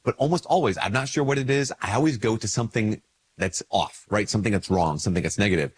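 A man, a priest, talking casually to camera while congested with a cold. He slips into quick little dialogues where his voice lifts. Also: breathy edge. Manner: conversational, acts out little dialogues with lifted pitch. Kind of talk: casual spoken reflection to camera.

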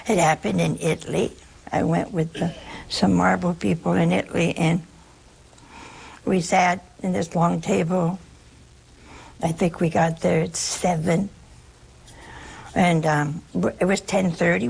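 A woman's voice: fairly low pitch, creaky, darkish tone, slightly rough, low-quality recording. An older American woman, a religious sister, giving a folksy spiritual talk, telling stories and acting out quoted dialogue with a laugh. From United States. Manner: chatty storyteller who acts out quoted dialogue with a laugh.

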